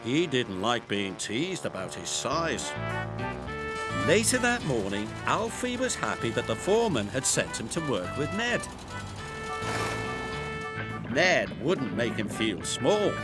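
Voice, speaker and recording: A man narrating a children's storybook in a lively storytelling manner. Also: mid-range voice, unhurried. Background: background music.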